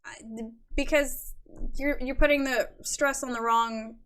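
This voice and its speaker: A woman's voice: high voice, steady tone, a little slow, a bit bright. A young woman hosting a livestream, chatting casually with viewers and gushing over their work. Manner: gushing, effusive, reads chat aloud. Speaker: livestream host.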